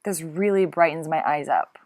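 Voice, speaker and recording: A woman's voice: low voice, moderate pace, a little mellow. Chatty woman doing a makeup tutorial. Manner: chatty, flustered, apologetic; laughs often while talking. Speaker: beauty vlogger.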